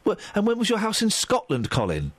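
A man's voice: high-pitched, wildly swooping pitch, fairly quick, no echo. A man hosting a radio phone-in in a studio, bantering with callers in a teasing, sarcastic way.

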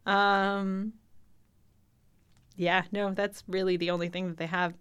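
A woman's voice: medium pitch, level tone, slow pace, fairly bright tone, clean tone. A young woman co-hosting a casual podcast, reading word definitions aloud with fillers, stumbles and frequent laughs. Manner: giggly, loose, reads out definitions with stumbles and fillers. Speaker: podcast co-host.

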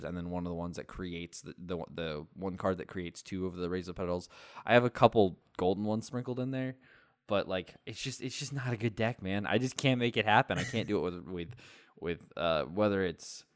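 A man with a somewhat low voice talks through card games in a loose, rambling way, full of ums and restarts and quick laughs. The sound is dry and close, with no room around it. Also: smooth, no room sound. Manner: rambling, many fillers and restarts, laughs often. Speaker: podcast co-host. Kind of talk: casual gaming chat.

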